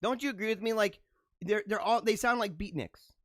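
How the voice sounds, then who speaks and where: A man's voice: high voice, a little fast, a bit bright, dry recording, clean studio sound. A man in his thirties hosting a podcast, giving casual political commentary in a sarcastic, mocking way and laughing at his own jokes. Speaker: podcast host.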